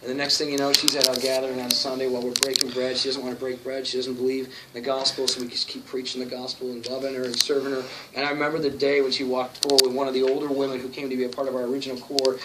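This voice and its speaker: A man telling stories from his work as a church planter at a conference talk, animated and acting out the people he quotes. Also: mid-range voice, rapid-fire, few pauses. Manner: storytelling, animated, acts out quotes. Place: conference room. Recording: distant mic with noticeable hiss.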